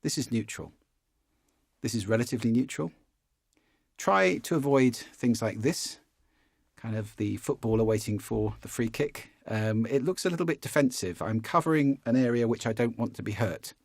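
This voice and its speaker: A man, a public speaking coach giving a relaxed, conversational course lesson and demonstrating as he explains. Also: medium pitch, normal speed, creaky, no room sound, studio quality.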